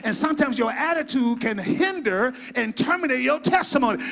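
A man preaching a sermon as pastor, swinging from shouted, fervent passages to hushed, near-whispered asides. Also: very high-pitched, lively intonation, fairly quick, creaky, few pauses. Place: church sanctuary.

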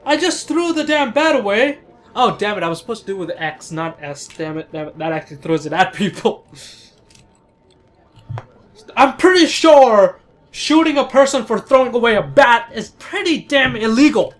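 Panicky, high-voiced let's play guy. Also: big pitch swings, normal speed. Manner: jumpy, cries out in panic, curses at the game. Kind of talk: excitable gameplay commentary.

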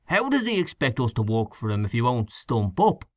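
A man's voice: mid-range voice, very animated, normal speed, no echo, clean studio sound, close to an everyday voice. A man reading an audiobook, voicing a weary, doubtful male canvasser who speaks mildly.

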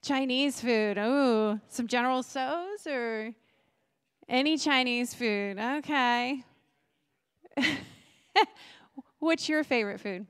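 A woman's voice: fairly high pitch, slow, pauses often, clear, resonant tone. A woman pastor preaching a sermon in a chatty, bubbly way, laughing often and asking the congregation questions. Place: church sanctuary.

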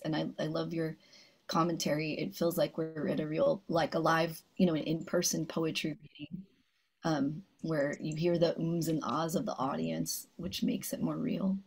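A woman with a deep, husky voice hosts an online event. She walks the audience through instructions, hesitating often in a casual, easygoing way. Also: a little mellow, low-quality recording. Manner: hesitant, explaining logistics. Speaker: organizer and host of a writing event.

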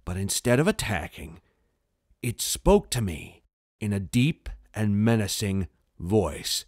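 A man's voice: lowish voice, very animated, takes it slowly, a little mellow, dry recording. A man reading a scripted first-person horror story in a tense, dramatic way. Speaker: narrator.

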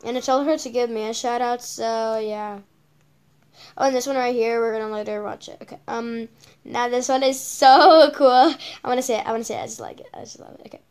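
A woman's voice: a little high, fairly even intonation, fairly quick, clear, resonant tone. A female channel host giving casual reaction commentary on videos, rambling with lots of repeated okays and ums.

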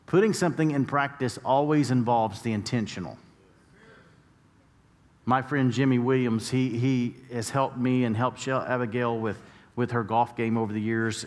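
Here a US pastor with a medium-pitched, steady voice preaches at normal speed, weaving stories that rise to forceful climaxes. Long church-hall reverb fills the sanctuary recording.

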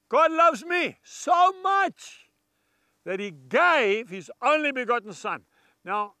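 A man's voice: very high voice, sharp tone, clean tone, dry recording. A man preaching a televised sermon in an emphatic, folksy manner, repeating key phrases and speaking straight to the viewers. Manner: addresses viewers directly with asides.

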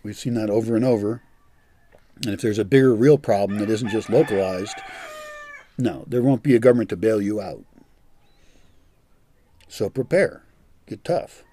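Blunt older man with a dark husky voice. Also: on the low side, normal speed, pauses often. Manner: blunt, profane, scornful. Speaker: vlogger. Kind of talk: ranting monologue.

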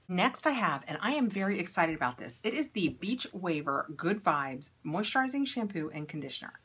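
A woman's voice: on the low side, sharp tone, slightly rough. A woman chatting casually to camera while unboxing and trying beauty products, upbeat and thinking aloud as she goes.

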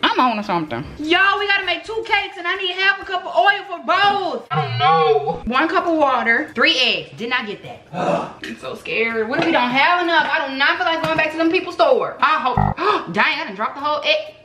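A woman's voice: high-pitched, sing-song, moderate pace, hardly any pauses, bright, forceful tone, a little hiss or hum. A young woman vlogging casually from her home kitchen, rambling and chatty, talking to her viewers as y'all. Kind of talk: casual chat. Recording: echoey room.

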